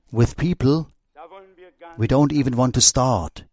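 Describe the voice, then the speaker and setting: A man preaching a sermon, reading scripture aloud in a deliberate, measured way. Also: mid-range voice, a little mellow.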